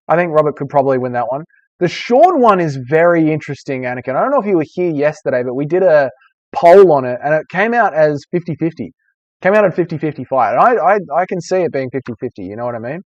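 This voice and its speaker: A man's voice: on the high side, animated, a little fast, no room sound, dull audio. A young Australian man hosting a casual live stream, reading viewer comments and bantering with joking, profane humor.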